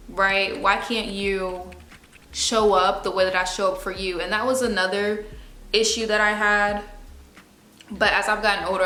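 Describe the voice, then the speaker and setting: A woman's voice: mid-range voice, bright, forceful tone, roomy sound. A young woman talking to camera in a casual, candid way, using slang and speaking expressively. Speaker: video host. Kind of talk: casual confessional talk to camera.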